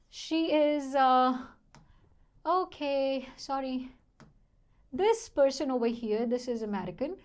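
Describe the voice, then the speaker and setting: A young woman giving an online English lesson, chatty, often checking in with "okay?" and apologizing for small slips. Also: sits high. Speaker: English teacher.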